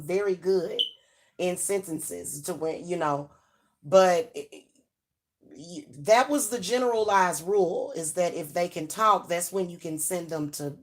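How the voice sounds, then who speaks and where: A middle-aged woman, giving frank advice to parents in a chatty way, full of fillers and restarts. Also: lowish voice. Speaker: channel host giving advice. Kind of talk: casual advice talk to camera.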